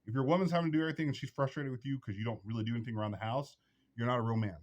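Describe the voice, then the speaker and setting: A man's voice: medium pitch, very fast. Blunt, preachy man giving advice. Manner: preachy, repetitive, emphatic. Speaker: vlog host.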